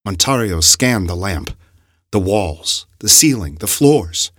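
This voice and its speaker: Husky low-voiced male storyteller. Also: takes it slowly, dry recording, clean studio sound. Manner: expressive, dramatic storytelling. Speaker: narrator. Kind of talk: audiobook narration.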